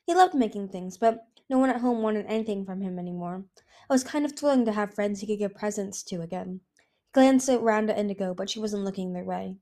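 A woman reading a fantasy novel aloud as an audiobook, with an even narration that sometimes stumbles and restarts. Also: mid-range voice, a little fast. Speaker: audiobook reader. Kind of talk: storybook narration.

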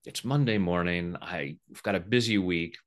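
A middle-aged EFT tapping practitioner, appearing as a guest, explains and demonstrates tapping playfully, often acting out the voices of people he quotes. He has a low voice and a moderate pace.

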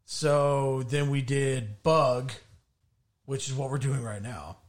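A man co-hosting a casual podcast from his home studio, chatting in a relaxed, conversational way. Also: medium pitch, takes it slowly. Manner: relaxed, conversational, wraps up the show. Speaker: podcast co-host. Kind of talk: casual chat.

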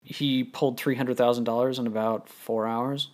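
A man who works on TV crews, telling stories in a relaxed, halting way during a casual chat. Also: mid-range voice. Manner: relaxed, halting, many "like" fillers. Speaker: TV crew member guest.

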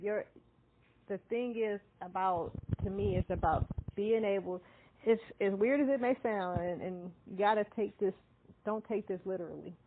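A woman in her thirties, co-hosting a casual chat and telling candid, animated stories with frequent laughter. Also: mid-range voice, moderate pace, a little hiss or hum. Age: 30s. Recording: dry, tinny phone-like sound.

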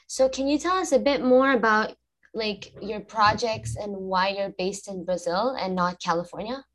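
A woman interviewing a musician in a casual chat, curious and quick to laugh. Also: medium pitch. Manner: curious, laughs easily, sings snippets.

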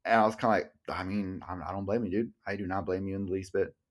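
A man's voice: low voice, steady tone, fast talker. A young man co-hosting a casual podcast, rambling with lots of "like", swearing freely and acting out what others said. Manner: rambling, full of "like", swears casually, acts out quotes. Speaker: podcast co-host. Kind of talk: casual chat.

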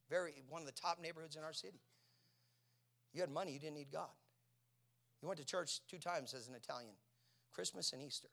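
A man preaching a sermon, asking his congregation questions and swinging from hushed near-whispers to loud shouting. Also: a little high.

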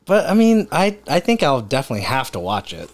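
A man co-hosting a podcast in casual chat, playful and jokey, quick to laugh. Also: medium pitch, wildly swooping pitch. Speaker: podcast co-host.

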